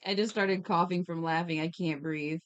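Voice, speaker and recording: A woman's voice: on the low side, steady tone, moderate pace, clean tone, no echo, dull audio. A woman streamer chatting casually while drawing, reading viewers' messages aloud with a giggly, playful manner. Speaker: streamer and digital artist.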